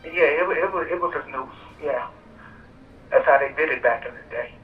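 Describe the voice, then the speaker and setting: A man on death row giving a measured speech over a prison phone call, played to a rally. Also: a little high, roomy sound, far from the mic, slight background noise. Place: prison phone relayed to an outdoor park rally. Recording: muffled phone line played over speakers outdoors.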